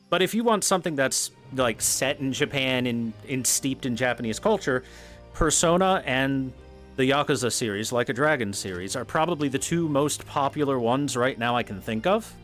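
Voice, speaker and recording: A man's voice: medium pitch, a bit bright. A man streaming a game, talking in rambling casual commentary, swearing freely and laughing at his own points. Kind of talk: casual commentary while gaming.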